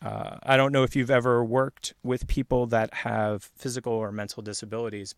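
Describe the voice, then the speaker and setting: A man's voice: mid-range voice, flat delivery, moderate pace, vocal fry, no room sound. A man hosting a show, telling a rambling workplace story in casual chat, laughing often. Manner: rambling, laughs often, acts out quoted voices. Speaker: podcast host.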